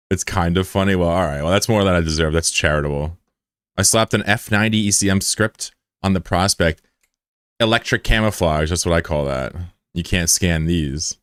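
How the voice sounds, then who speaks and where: A man's voice: low voice, moderate pace, pauses often, a bit bright, smooth, no echo, clean studio sound. A man streaming live, chatting casually with his viewers, joking and swearing as he banters with chat.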